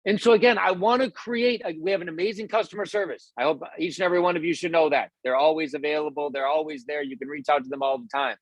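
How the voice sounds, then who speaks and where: Speaking fast with hardly a pause and a fairly even intonation, a man gives his team a casual motivational talk. He rambles, restarts often, and acts out quoted people in a higher, louder voice. No room sound is audible.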